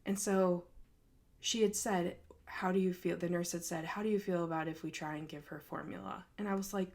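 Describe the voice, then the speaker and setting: A woman's voice: fairly low pitch, steady tone, fairly quick, darkish tone. Candid young woman telling her story. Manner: candid and emotional, with many "like" and "um" fillers. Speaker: podcast host. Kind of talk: personal storytelling.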